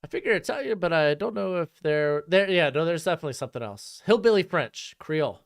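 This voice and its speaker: A man's voice: a little high, animated, fast talker, vocal fry, clean tone. A man live-streaming a football watch-along, chatting casually and jumping between calls on the plays and replies to his chat.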